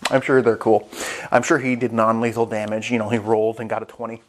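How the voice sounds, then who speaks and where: A man reviewing a comic chapter in casual vlog commentary, rambling and excitable, swearing freely. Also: lowish voice, quick pace. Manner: rambling, excitable, with profanity and restarts.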